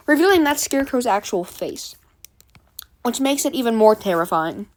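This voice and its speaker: Speaking at a normal speed, a fairly high-voiced woman casually recounts a comic book plot scene by scene, keeping her delivery lively and relaxed.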